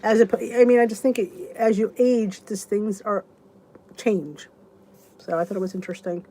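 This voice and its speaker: A woman's voice: medium pitch, steady tone, normal speed, dark tone, slight background noise. A woman in her fifties hosting a casual live chat, answering viewers by name and rambling in a chatty way with many restarts. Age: 50s. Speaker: YouTube channel host.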